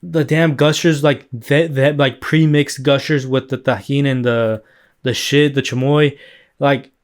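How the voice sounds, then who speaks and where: A man's voice: medium pitch, fairly even intonation, measured pace. Male podcast host, mid-range voice, loose rambling delivery with plenty of filler words and swearing. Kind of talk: casual solo podcast chat.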